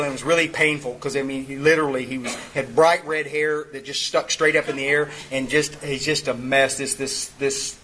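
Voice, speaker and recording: A man's voice: on the high side, sharp tone, slight background noise, poor audio. A man speaking at a twelve-step meeting, telling a story in an earthy, rambling way with many restarts. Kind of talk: folksy storytelling talk.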